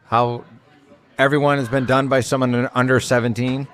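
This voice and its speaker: A man's voice: mid-range voice, little pitch movement, normal speed, fairly bright tone, slight background noise. An older man from Rochester, New York, with a Western New York accent, co-hosting a live podcast in a bar and needling his partner with profane one-liners. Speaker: podcast co-host. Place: neighborhood bar.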